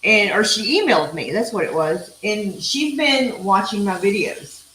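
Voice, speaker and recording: A woman's voice: mid-range voice, lively intonation, moderate pace, fairly bright tone. A middle-aged woman with a Texan accent hosts a live cooking stream. She talks in a chatty, folksy way and drifts into rambling asides. The room is echoey, with a faint hiss underneath. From Texas. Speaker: cooking show host. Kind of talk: casual live-stream chat while grilling.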